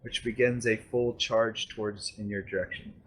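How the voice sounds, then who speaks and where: A man's voice: on the low side, little pitch movement, normal speed, fairly bright tone, breathy edge. A man acting as game master, narrating a tabletop combat and thinking aloud between rulings.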